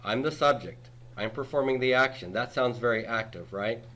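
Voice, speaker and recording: Bright-voiced man lecturing in a classroom. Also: mid-range voice, moderate pace. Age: 40s. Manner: patient, checks in with "okay?" and "right?" constantly. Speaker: Greek teacher.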